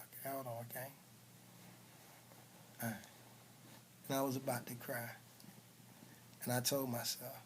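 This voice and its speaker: A man telling a personal story, dropping to hushed whispers and then bursting out loud with punch sounds. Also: medium pitch, flat delivery, unhurried, pauses often, slight background noise.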